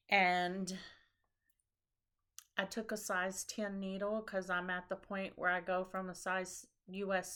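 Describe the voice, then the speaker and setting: Slow, tired woman chatting. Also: mid-range voice, fairly bright tone, smooth. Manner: rambling, with frequent ums and restarts. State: tired after a long trip. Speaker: knitting podcast host. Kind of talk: casual chat about knitting projects.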